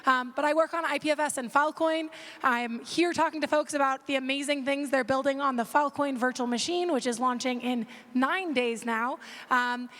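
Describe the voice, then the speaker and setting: A woman with a lost, hoarse voice half-whispering an enthusiastic self-introduction as a judge on stage. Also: high-pitched, steady tone, normal speed, fairly bright tone. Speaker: judge on a panel. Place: large conference hall stage. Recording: reverberant large hall.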